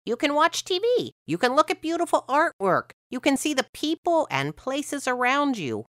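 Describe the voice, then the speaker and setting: Boastful talking eyes from a children's storybook, put on by a woman. The voice rides high and swoops eagerly. It is slow and clear, with dry, close sound. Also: big pitch swings, a bit bright, no room sound.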